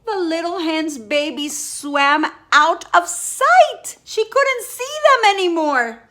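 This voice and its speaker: A woman reads a picture book aloud in a slow, expressive way, with many exclamations. Her voice is very high and bright, and it moves up and down a lot. She takes her time over every phrase. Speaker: storyteller.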